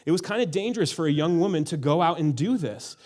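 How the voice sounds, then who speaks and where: Preaching fast, this pastor has a voice pitched slightly above the typical male range. He keeps the sermon casual and conversational, often veering into asides.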